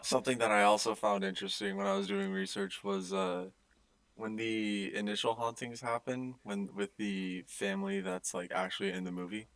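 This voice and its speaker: Young guy on a podcast, lowish voice, chimes in short, dry sound. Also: fairly even intonation, moderate pace, a bit bright, dry recording. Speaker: podcast co-host. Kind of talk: casual chat.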